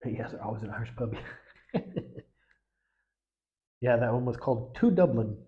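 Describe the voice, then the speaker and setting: A man's voice: mid-range voice, animated, moderate pace, dull audio. A man from the United States hosting a casual livestream, chatting with viewers in a rambling way, full of fillers and restarts. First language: English. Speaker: livestream host.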